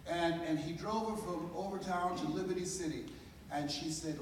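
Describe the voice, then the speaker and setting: An older American man giving a live inspirational speech, telling a story with dramatic pauses and building to a preacher-like cadence. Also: on the high side, background noise. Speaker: motivational speaker. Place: large hall with a live audience. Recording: echoey hall from far off.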